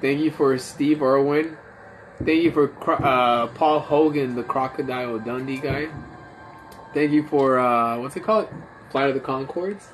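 A man's voice: medium pitch, measured pace. Tipsy man rambling on a livestream. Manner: loose, rambling, swears a lot. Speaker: podcast host, comedian. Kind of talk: casual chat on a drunk livestream. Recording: phone livestream audio, faint background noise.

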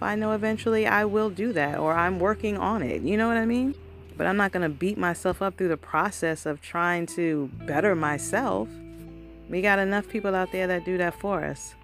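Low-voiced woman giving an earnest motivational talk. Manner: earnest, conversational, often asks "you know what I mean?"; addresses listeners as "y'all". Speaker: vlogger. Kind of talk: casual motivational monologue. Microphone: recording herself for her channel.

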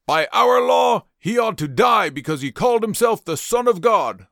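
A man voicing angry male temple leaders who shout loudly and draw out their demands. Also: medium pitch, big pitch swings, no room sound, studio quality, voice pushed up, heavily acted. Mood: furious. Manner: loud, drawn-out shouting.

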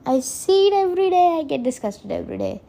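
A woman's voice: sits high, sing-song, fast talker, vocal fry, warm tone. A woman hosting a solo podcast, rambling earnestly, often correcting herself and laughing. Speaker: podcast host. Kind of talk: casual solo podcast monologue.

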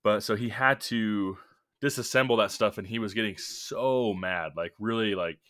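Young dude podcast cohost, kinda low but bright voice, rambly casual chat. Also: male voice, moderate pace. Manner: rambling, many fillers and restarts. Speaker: podcast co-host.

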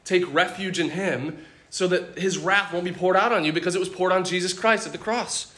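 A young adult male pastor preaching a sermon, animated and laughing often as he acts out scripture scenes. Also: sits high, normal speed.

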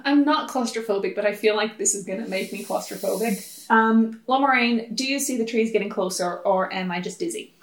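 A woman playing a tabletop game, joking, cursing and laughing loudly. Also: medium pitch, brisk, echoey room. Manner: swearing, laughing, loud outbursts. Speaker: player. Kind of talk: casual play banter.

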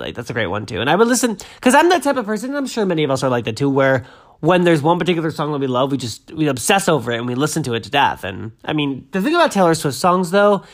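Male host, 30s, casual, slightly high pitch, rambling, excitable. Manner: rambling, excitable, self-interrupting. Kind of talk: casual chat about music.

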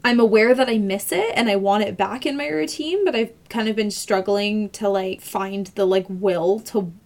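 A woman co-hosts a casual podcast at an ordinary middle pitch. She rambles in a relaxed way, with frequent "like" fillers and false starts as she talks things through. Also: normal speed. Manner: chatty, lots of "like" fillers and restarts. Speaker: podcast co-host. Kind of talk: casual chat.

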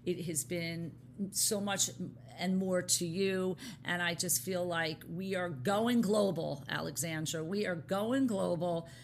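A woman co-hosting a podcast in casual chat, effusive and full of shout-outs to her team. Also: fairly low pitch, slow, vocal fry, a little hiss or hum. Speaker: podcast co-host.

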